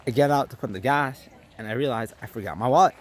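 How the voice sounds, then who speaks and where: A young man vlogging, telling a story with animated delivery and acting out his own lines. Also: medium pitch, fast talker, slight background noise. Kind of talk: storytelling vlog.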